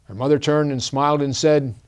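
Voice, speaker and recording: A middle-aged man tells a personal story in a presentation. He speaks earnestly and haltingly, pausing and restarting often, with fillers running through his talk. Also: fairly high pitch, steady tone, smooth. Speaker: guest speaker.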